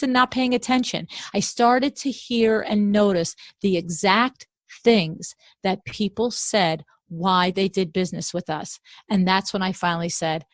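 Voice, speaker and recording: A middle-aged woman, a business owner, talking as a podcast guest in an energetic, straightforward way. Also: mid-range voice, a little slow, no room sound. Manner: energetic, straightforward, storytelling with acted-out quotes. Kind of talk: podcast interview conversation.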